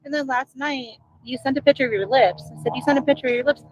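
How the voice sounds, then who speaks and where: Woman calmly pressing questions, kinda high voice, faint background hum. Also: fast, low-quality recording. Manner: pointed, questioning. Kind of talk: confrontation.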